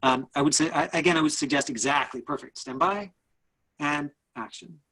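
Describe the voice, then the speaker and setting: A man coaching actors in a live online acting class over a video call. He talks in a halting way, full of fillers and restarts. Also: on the high side, bright, forceful tone, poor audio.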